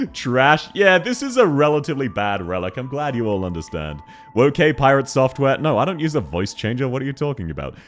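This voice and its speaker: A man live-streams a game from a home setup, talking straight to his viewers. He sounds excited and giggles often, and his pitch swings widely as he reacts to chat. Faint game music plays quietly behind him. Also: normal speed.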